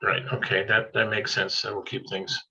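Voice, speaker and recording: A man with a fairly low but bright, forceful voice chairs a remote public board meeting. He thinks aloud in halting, restarting phrases. The call audio sounds dull and lo-fi. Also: little pitch movement, creaky, faint music behind. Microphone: video call.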